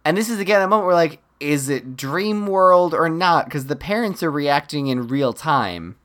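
A podcast co-host with a medium-pitched voice, animatedly walking through a film's plot in a casual, chatty way. This speaker laughs easily and drops dry, wry asides between scenes. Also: animated, normal speed, a bit bright. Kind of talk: casual chat recapping a film.

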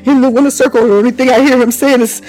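A man's voice: very high voice, flat delivery, very fast, a little mellow. A man leading a live prophetic prayer, speaking in tongues in rhythmic chanted syllables and laughing between fervent declarations.

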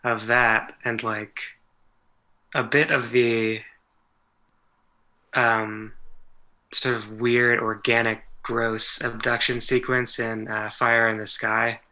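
A man co-hosting a casual podcast conversation, halting and filling almost every phrase with "like.". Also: medium pitch, little pitch movement, bright, forceful tone, rough recording.

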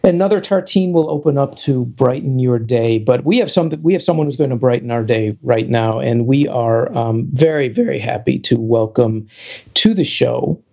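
A man's voice: medium pitch, animated, normal speed, gravelly, dark tone, highs cut off. A man co-hosting a podcast, introducing a guest in a talkative way with many restarts. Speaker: podcast co-host. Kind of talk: casual podcast chat.

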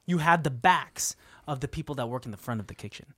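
A man on a casual podcast, retelling a movie scene in a low, hushed voice. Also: quick pace, a crowd in the background.

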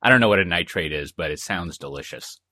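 Brief: deep-voiced male podcast co-host, bright tone, animated and digressive, dry close mic. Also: quick pace, no room sound. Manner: rambling, jokey storytelling with many asides. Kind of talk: casual chat. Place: lives in Texas.

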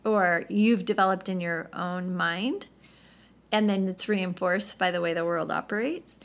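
A woman guest on a faith podcast, candidly telling her story with lively, acted-out quotes. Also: fairly low pitch, unhurried, creaky. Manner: animated storytelling, acts out quoted voices.

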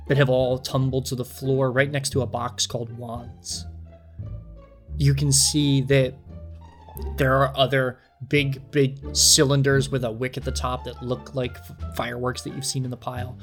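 A man running a tabletop game as game master, narrating scenes in a measured, descriptive way with small fillers. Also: mid-range voice, level tone, soft background music.

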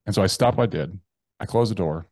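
A man, a podcast guest, telling a personal story bluntly and profanely, with halting restarts. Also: low voice, a little mellow, husky, dry recording. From United States. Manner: blunt and profane, with slangy address.

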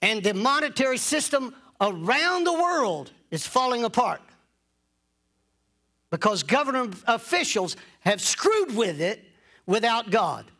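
A man's voice: extremely high pitch, big pitch swings, measured pace, bright, forceful tone. A man preaching a sermon in an emphatic, insistent way, repeating phrases to drive points home.

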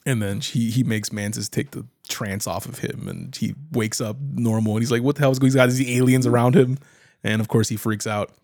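A man's voice: mid-range voice, normal speed, gravelly, no echo, clean studio sound. Laughing, chatty podcast guy. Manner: laughs often, acts out quotes in animated voices. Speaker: podcast co-host. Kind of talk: casual chat recapping a show.

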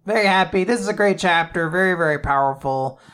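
A podcast co-host chatting casually about manga, animated and sweary, acting out the characters' lines. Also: mid-range voice, quick pace, clear, resonant tone.

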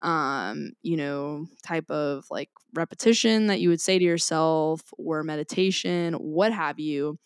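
A woman tells a story on a podcast, animated and quick to laugh. Her voice sits a little low. The sound is dry and close, with no room echo. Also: clear, resonant tone. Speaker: podcast co-host. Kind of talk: casual chat.

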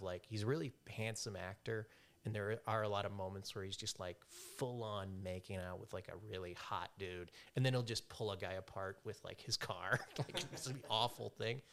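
A man's voice: on the low side, moderate pace, gravelly, fairly bright tone. A man in casual podcast chat, telling rambling stories and joking along.

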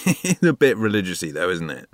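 A man's voice: low voice, wildly swooping pitch, brisk, a bit bright, dry recording, clean studio sound. A man, speaking in a hesitant, doubtful way in a comedy sketch. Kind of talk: scripted comedy dialogue.

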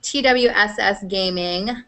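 Young woman, podcast co-host, bright tone, casual chat, lots of "like". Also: mid-range voice, slow pace. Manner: chatty, laughs often, lots of "like".

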